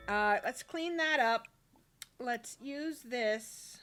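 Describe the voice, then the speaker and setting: A woman's voice: a little high, drawn-out words, fairly bright tone, soft background music. A woman casually narrating her life-sim let's-play, chatty and rambling with many fillers. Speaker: game streamer.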